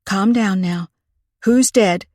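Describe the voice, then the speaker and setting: A woman voicing a calm young woman sleuth who speaks in a steady, soothing way, in an audiobook reading. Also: medium pitch, slow pace, no echo, studio quality, far from the mic. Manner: soothing, level.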